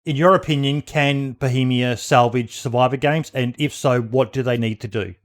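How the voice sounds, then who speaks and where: A man hosting a podcast in casual chat, rambling with many pauses and fillers. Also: mid-range voice, steady tone. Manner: rambling, many ums and uhs, hesitant. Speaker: podcast host.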